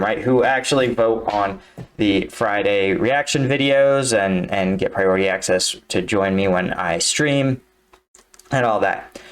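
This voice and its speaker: A man hosting a reaction video, talking casually and often checking in with the listener. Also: mid-range voice. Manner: conversational, leans on tag questions like "right?". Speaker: reaction video host, army combat veteran. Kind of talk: casual commentary.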